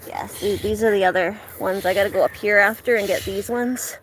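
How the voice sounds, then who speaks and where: A young woman chatting casually with her live chat from her garden, slipping into high sing-song baby talk with her dog. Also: fairly quick, slight background noise. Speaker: vlog host talking to live chat. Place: outdoors in a home garden.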